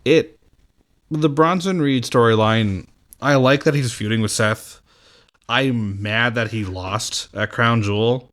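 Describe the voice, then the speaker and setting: A man's voice: medium pitch, slow pace, fairly bright tone. A tired man co-hosting a wrestling podcast, chatting casually in a laid-back way with many fillers. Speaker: podcast co-host. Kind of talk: casual chat.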